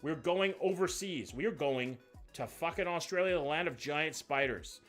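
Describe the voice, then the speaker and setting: Bright-voiced profane streamer. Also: male voice, a little high, moderate pace, faint music behind. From Canada. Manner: loose, profane, joking, reacts out loud to what he sees. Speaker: livestream host. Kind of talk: live reaction stream, casual chat.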